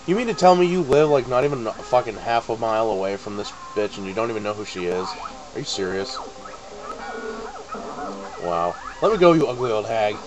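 A man's voice: lowish voice, a little fast, long pauses, lo-fi sound. A man giving casual, profane, joking let's play commentary. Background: game music.

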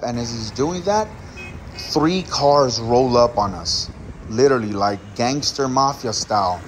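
A man's voice: medium pitch, a little slow, slight background noise. A man vlogger casually retelling a story to his viewers, acting out the dialogue as he goes. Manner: animated retelling, acts out dialogue.

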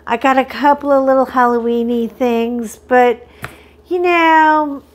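A middle-aged woman hosting a crafting vlog, chatting casually and excitedly while unboxing, often poking fun at herself. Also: sits high, a little slow. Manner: chatty, excitable, self-deprecating.

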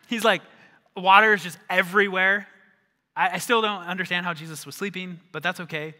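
A male pastor preaching a sermon, telling the story with animated acted-out voices and dropping to a hushed voice for emphasis. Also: high voice, normal speed. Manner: animated storytelling, acts out disciples, drops to a hush for emphasis. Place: church sanctuary. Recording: church hall reverb.

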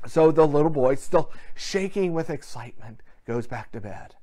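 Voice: mid-range voice, animated, normal speed, few pauses, warm tone. A pastor giving a sermon to a church without its congregation gathered, telling a story with quoted dialogue in an earnest way.

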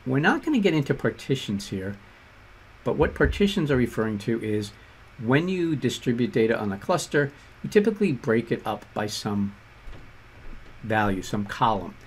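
A man with a Boston accent explaining code step by step in a relaxed tutorial. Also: mid-range voice, normal speed, husky. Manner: relaxed explanatory walkthrough with fillers and asides. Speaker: instructor. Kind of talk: screen-share coding tutorial.

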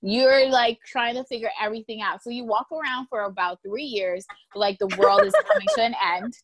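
A woman lawyer talking casually as a guest in an interview, telling lively stories and acting out quotes with a laugh. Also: a little high, brisk, noisy background. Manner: lively storyteller, acts out quotes, laughs often.

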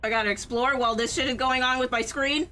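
A young adult woman streaming a game in casual chat, excitable and gushing, laughing often and swearing freely. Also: high-pitched, quick pace, slight background noise. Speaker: streamer playing a horror game.

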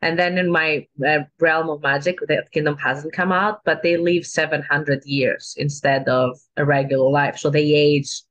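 A woman in casual conversation, talking in a measured, reflective way. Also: low-pitched, steady tone. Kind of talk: casual chat.

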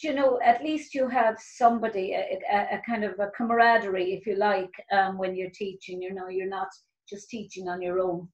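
A woman host keeps a casual interview moving. Her voice sits at a middle pitch, and she jumps in eagerly with exclamations and her own summaries. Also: expressive, moderate pace, hardly any pauses, highs cut off. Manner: eager, chimes in often with exclamations. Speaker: talk show host.

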